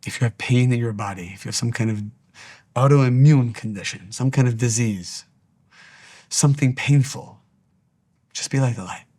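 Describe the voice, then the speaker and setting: A man's voice: medium pitch, moderate pace, long pauses, dark tone. A man giving an earnest spiritual teaching talk, urging his listeners with repeated short exhortations.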